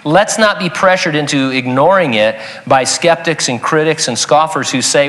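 A man's voice: on the high side, moderate pace, hardly any pauses, a bit bright. A man preaching a sermon in a conversational, emphatic way with joking asides. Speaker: pastor.

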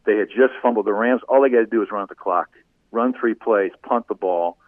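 Man, former radio broadcaster, animated storytelling, tinny phone-line sound, dry. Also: on the low side, a little fast, no room sound. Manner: animated anecdotes, voice rising when telling funny moments. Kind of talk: storytelling in a casual interview.

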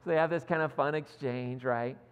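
A man's voice: medium pitch, steady tone, a little fast, clear, resonant tone, highs cut off. A male pastor giving a sermon in a church, telling a story in a conversational, self-deprecating way. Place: church sanctuary. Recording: long hall reverb.

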